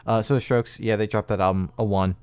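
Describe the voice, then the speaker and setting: A man's voice: fairly low pitch, steady tone, fast talker, darkish tone, clean tone, dry recording. A man co-hosting a music podcast, chatting casually in a rambling way and swearing freely. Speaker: podcast co-host. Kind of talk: casual chat.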